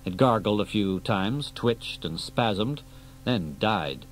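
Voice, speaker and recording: A man reading an audiobook aloud in a steady storytelling delivery. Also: on the low side, takes it slowly, a little hiss or hum, low-quality recording. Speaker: audiobook reader. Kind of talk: audiobook narration.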